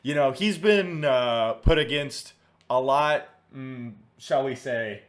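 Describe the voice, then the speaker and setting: A man's voice: mid-range voice, slow pace. Casual, profane man previewing fights. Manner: casual and profane, thinking aloud. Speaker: host. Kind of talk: casual commentary.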